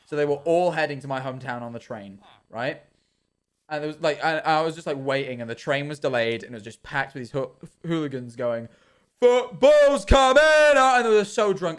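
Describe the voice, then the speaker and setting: A young British man chatting casually on a live stream while gaming, rambling and ranting with self-deprecating humour. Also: a little high. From Britain. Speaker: livestreamer.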